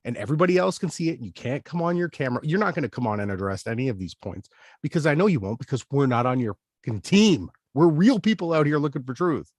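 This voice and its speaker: A man's voice: mid-range voice, lively intonation, quick pace, a little mellow, no room sound, clean studio sound. A man hosting a commentary show, ranting indignantly and emphatically about a clip he has just played. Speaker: channel host.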